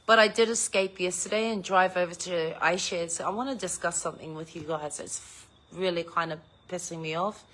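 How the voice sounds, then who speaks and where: A woman's voice: fairly low pitch, fairly quick, few pauses, a bit bright. A middle-aged woman, chatting casually with viewers, telling a story and swearing freely. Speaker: vlogger chatting live with viewers. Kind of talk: casual chat.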